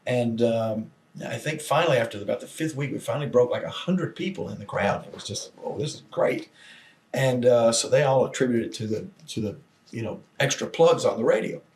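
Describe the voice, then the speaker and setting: An older man, guest in a long interview, telling old stories with lively acted-out quotes. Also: mid-range voice, a little fast. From Southern United States. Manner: animated storyteller acting out quoted voices. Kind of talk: storytelling shoot interview.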